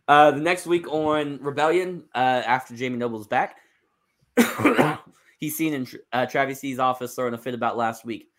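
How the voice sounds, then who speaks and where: A man's voice: mid-range voice, normal speed, pauses often, fairly bright tone. A young man hosting a podcast, casually narrating a wrestling storyline with loose, joking asides. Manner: loose, joking, swears and restarts. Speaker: podcast host.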